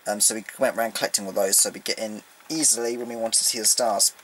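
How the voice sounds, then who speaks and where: A man in a casual home vlog, recapping a fan event in an excitable, rambling way with lots of ums. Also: lowish voice, quick pace, slight background noise, low-quality recording. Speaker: vlogger. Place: indoors at home, beside his collection.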